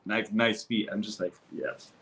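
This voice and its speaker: A man's voice: lowish voice, a little slow. Blunt young man with a French accent. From France. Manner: blunt, profane, animated storytelling with many fillers. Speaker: guest. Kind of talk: candid casual chat.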